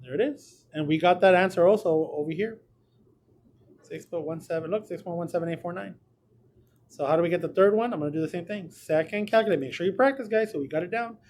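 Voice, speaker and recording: A man's voice: sits high, fast talker, darkish tone. A man teaches a math lesson from a small room. He is chatty and joking and talks straight to his students. A faint hum of room noise sits behind him. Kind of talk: recorded classroom lesson.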